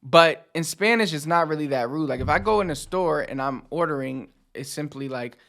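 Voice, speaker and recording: A man's voice: a little high, moderate pace, gravelly. Laid-back man teaching a language. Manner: relaxed, explains with fillers like "so" and "like". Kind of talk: casual language lesson.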